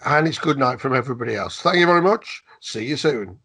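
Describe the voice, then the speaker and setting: A man's voice: medium pitch, expressive, fast, a bit bright, husky. A man co-hosting a podcast in casual chat, jokey and chatty, with frequent restarts. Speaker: podcast co-host.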